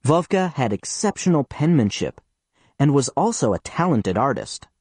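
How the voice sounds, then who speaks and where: A man reading an audiobook in the first person, his pitch moving in a lively, expressive way. He tells the story in an earnest, boyish manner. The recording is dry and close, with no room sound. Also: normal speed, breathy edge, no room sound. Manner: earnest, reads as a schoolboy telling his story. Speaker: audiobook narrator.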